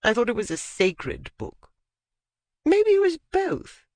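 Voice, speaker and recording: An audiobook narrator voicing an elderly aristocratic lady who gossips bawdily in a high, swooping voice. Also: wildly swooping pitch, slow, darkish tone, no room sound. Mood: gossiping.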